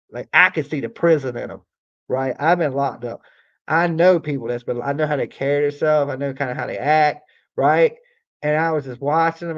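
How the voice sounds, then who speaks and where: A man's voice: medium pitch, brisk. Profane rambling man, muffled lo-fi audio. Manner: profane, rambling, repeats himself, heavy use of "like". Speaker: livestream host. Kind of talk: casual live-stream storytelling.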